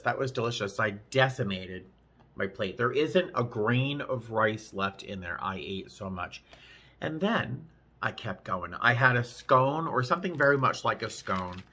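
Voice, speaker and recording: A man casually vlogging while eating, chatting with frequent restarts and pauses to chew. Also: mid-range voice, big pitch swings, bright, forceful tone. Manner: chatty, chewing between sentences; rambling with many restarts. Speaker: vlogger, flight attendant.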